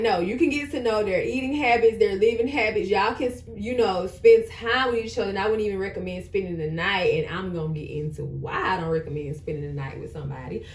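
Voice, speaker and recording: Woman, 30s, vlogger, emphatic casual advice, repeats for stress, echoey room. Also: medium pitch. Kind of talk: casual advice chat while getting ready.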